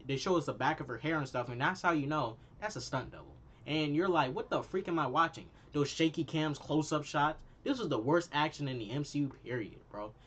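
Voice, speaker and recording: A man in his twenties, a YouTuber ranting in an exasperated, animated way with casual slang while reviewing a movie. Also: fairly high pitch, highs cut off.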